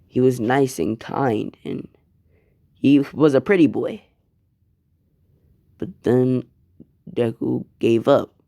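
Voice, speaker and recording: A man's voice: mid-range voice, slow, vocal fry, long pauses, mellow, no room sound, clean studio sound. Laid-back, rambling male storyteller. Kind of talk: casual fan-fiction storytelling.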